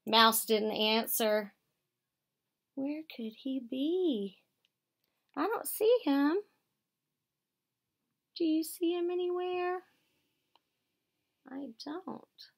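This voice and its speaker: A woman teacher reads a picture book aloud to children. Her voice sits fairly high and moves a lot in pitch. She speaks slowly and expressively, stopping to ask questions. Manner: warm, expressive storytelling, asks questions of children.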